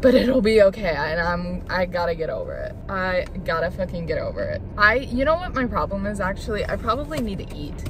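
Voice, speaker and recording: A woman's voice: lowish voice, expressive, a little fast, hardly any pauses, noisy background. A college student in her early twenties, vlogging into a phone held at arm's length and venting with lots of swearing. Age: early 20s. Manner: frustrated ranting, swears often. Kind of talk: casual vlog to camera. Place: her car, then her apartment.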